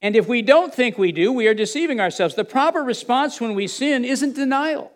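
Preacher, male, high voice, speaks to a congregation with rhetorical questions, hushed asides. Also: expressive, a little fast. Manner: drops to a low murmur for quoted dialogue, rises for emphasis. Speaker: pastor. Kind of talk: sermon.

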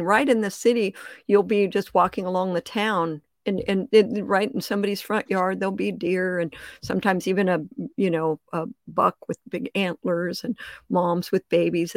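An older woman chats as a podcast guest, laughing often as she tells her stories. Her voice sits at an ordinary pitch and comes across dry and close, with no room sound. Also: moderate pace, gravelly, dry recording. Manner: laughs often, animated storyteller. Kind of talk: casual interview chat.

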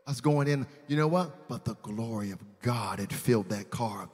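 A man preaching a sermon as pastor, telling a personal story in casual slang and building from quiet asides to loud, shouted praise. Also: mid-range voice, animated, brisk, few pauses, slightly rough, in a large hall. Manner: casual slang, addresses congregation as fam.

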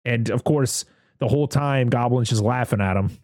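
A man talks through a movie scene by scene, loose and rambling, dropping curse words as he goes. His voice sits at an ordinary middle pitch, and the recording is dry and close with no room sound. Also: moderate pace, no room sound. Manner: rambling, animated, swears freely. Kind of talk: casual chat recapping a movie.

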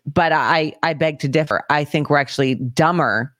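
A podcast co-host chatting casually about politics with wry, teasing, drawn-out phrasing. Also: mid-range voice, a bit bright, dry recording, studio quality.

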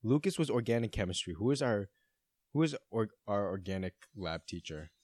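A man's voice: fairly low pitch, lively intonation, a little mellow, dry recording. A young man in his twenties co-hosting a podcast, telling stories with lots of laughing and swearing. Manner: laughing, swearing, fast anecdotal storytelling. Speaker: podcast co-host. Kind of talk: casual chat.

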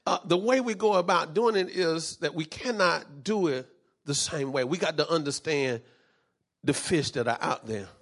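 A man's voice: fairly high pitch, moderate pace, fairly bright tone. A man preaching a sermon as pastor, fervent and repetitive, dropping in frequent amens.

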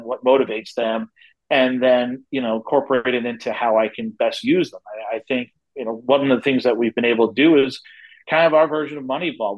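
A man in his forties speaking as a guest in a casual interview. He talks at length, telling stories and restarting his sentences now and then. His voice sits at an ordinary pitch. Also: dull audio. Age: 40s. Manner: talkative storyteller, frequent restarts. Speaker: guest, head of a wrestling company.

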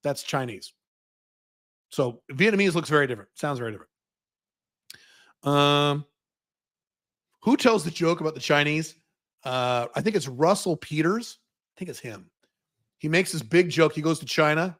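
A man runs a livestream Q&A, answering viewer questions one by one. He speaks in a fairly high voice. He is blunt and opinionated and swears freely. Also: expressive, normal speed, pauses often, fairly bright tone. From United States.

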